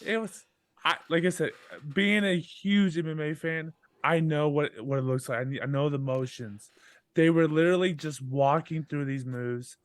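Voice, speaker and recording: A man co-hosting a casual podcast, telling jokey stories with animated asides. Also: a little high, normal speed. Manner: joking, animated storytelling about drinking. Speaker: podcast co-host. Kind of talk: casual chat.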